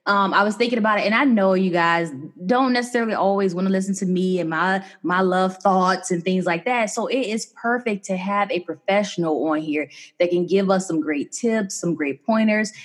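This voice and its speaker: A woman's voice: medium pitch, normal speed, hardly any pauses. A woman hosting a relationship podcast, chatty and bubbly, laughing often. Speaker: podcast host. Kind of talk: casual podcast chat.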